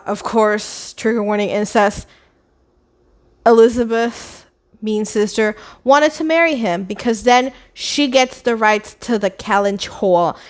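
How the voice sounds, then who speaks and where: A woman rambling through the plot of a classic novel, animated and chatty. Her voice sits a little higher than average. She tosses in dry, sarcastic asides along the way. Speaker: book vlogger. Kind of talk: casual, rambling plot retelling.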